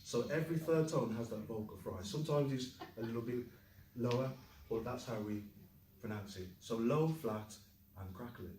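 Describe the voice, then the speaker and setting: Lively male teacher quizzing his class. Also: medium pitch, moderate pace, reverberant, recorded from a distance, slight background noise, rough recording. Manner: lively, asks the class questions, jokes. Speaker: Chinese teacher. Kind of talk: classroom lesson.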